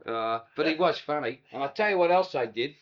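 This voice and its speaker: A man's voice: a little high, animated, a little fast. Older Australian man spinning yarns. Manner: yarn-spinning, acts out quoted voices, casual swearing. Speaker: interviewee, retired waterside worker. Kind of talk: oral history storytelling. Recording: dull lo-fi archive tape.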